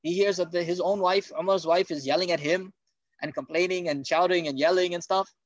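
Male preacher, high and quick, earnest, dry slightly dull recording. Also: steady tone, dry recording. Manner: earnest, urgent rhetorical questions. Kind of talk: sermon.

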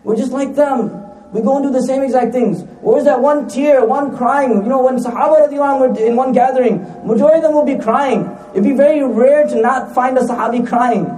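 A man's voice: very high-pitched, brisk, dark tone, roomy sound, recorded from a distance, low-quality recording. A man preaching a sermon, repeating lines for emphasis, asking rhetorical questions and mixing in recited Arabic phrases.

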